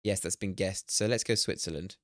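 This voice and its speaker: Excitable streamer, lowish voice. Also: male voice, brisk, no echo, clean studio sound. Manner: excitable, swearing, laughing at himself. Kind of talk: live-stream gameplay commentary.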